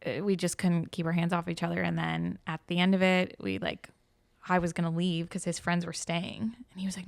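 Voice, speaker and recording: A woman's voice: fairly low pitch, steady tone, fairly quick, creaky, smooth, dry recording. A young woman chatting on a podcast, telling a story with animation and acting out the quotes. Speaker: guest host. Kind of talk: casual podcast chat.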